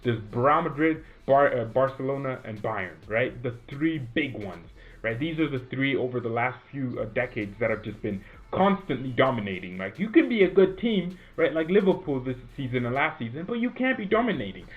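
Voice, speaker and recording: A man's voice: mid-range voice, moderate pace, hardly any pauses. A man hosting a football fan channel, rambling in casual commentary and often tagging his points with "right?". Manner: animated, rambling, keeps asking "right?". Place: home room. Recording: tinny phone-like sound.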